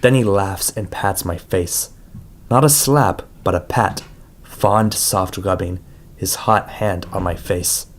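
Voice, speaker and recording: A man reading a first-person audiobook in a measured, somber way. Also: low-pitched. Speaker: audiobook reader.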